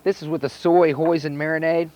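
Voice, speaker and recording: A man with a North Carolina accent, a chef talking through a cooking demonstration in a relaxed, plainspoken way. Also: on the high side, a little fast. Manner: relaxed, plainspoken, step-by-step instruction. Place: outdoor charcoal grill by a house. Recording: dull lo-fi VHS recording.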